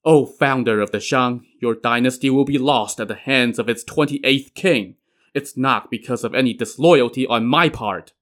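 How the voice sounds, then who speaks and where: A man's voice: mid-range voice, moderate pace, a bit bright, natural voice. A man voicing a loyal, righteous elderly minister who speaks in stern, declaiming lines. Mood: sorrowful.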